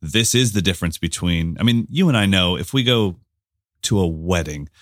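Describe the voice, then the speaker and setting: A man co-hosting a casual podcast, telling stories with animated quoted voices. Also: low voice, moderate pace, no echo, studio quality. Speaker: podcast co-host and drum teacher.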